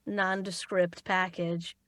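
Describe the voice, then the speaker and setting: Bright playful woman co-host. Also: lowish voice, level tone, slow pace, slight background noise. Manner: playful, teasing. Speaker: podcast co-host. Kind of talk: casual podcast chat.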